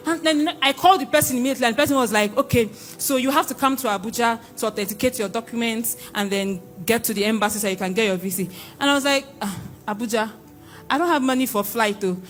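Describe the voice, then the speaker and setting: A young Nigerian woman giving an excited church testimony, exclaiming and repeating phrases. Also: on the high side, fast talker, soft background music. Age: young adult.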